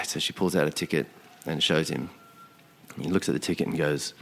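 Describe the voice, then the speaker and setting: A man with a very low voice tells a story in an easy, conversational way. He acts out the inner thoughts of the people in it, rising in pitch as the tension builds. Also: brisk. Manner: animated, acts out quoted thoughts. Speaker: podcast guest. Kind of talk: casual spoken storytelling. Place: outdoor location.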